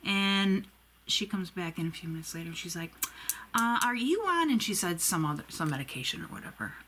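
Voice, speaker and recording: A woman's voice: lowish voice, quick pace, a bit bright, slight background noise. A woman in her forties telling a long rambling story while doing her makeup, chatty and swearing freely. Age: 40s. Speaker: beauty vlogger.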